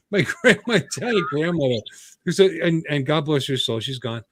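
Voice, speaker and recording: A man's voice: medium pitch, very animated, brisk, slight background noise. A man hosting a casual livestream chat from home, rambling and joking, often stopping himself mid-sentence. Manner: rambling, jokey, self-interrupting. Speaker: host.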